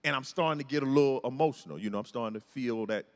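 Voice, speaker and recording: A comedian telling a story on stage, animated and acting out the scenes and voices. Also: male voice, medium pitch, very fast, slight background noise. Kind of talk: stand-up storytelling. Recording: echoey hall with long reverb.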